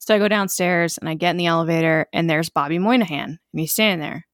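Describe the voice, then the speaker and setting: Lively storytelling woman, dry close sound. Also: fairly low pitch, quick pace, dry recording. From Connecticut. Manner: animated storyteller, acts out quotes. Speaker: podcast co-host. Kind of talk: casual chat.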